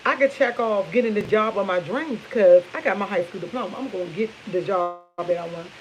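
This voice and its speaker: Here a kitchen vlogger in her 50s tells stories briskly in a mid-range voice during a relaxed morning coffee chat. Her manner is animated and talkative, she greets viewers as "y'all," and the rough recording has a touch of hiss or hum.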